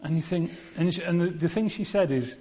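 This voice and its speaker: A man with a warm, slightly high voice gives a brisk sermon, chatting with his listeners and asking them rhetorical questions. The recording has the long reverb of a large hall.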